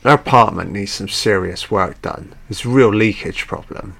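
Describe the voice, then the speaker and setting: Man, film commentary, gravelly low voice, crude jokes, offhand. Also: moderate pace, a bit bright. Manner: crude, joking, off-the-cuff, heavy swearing. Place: at home with a dog.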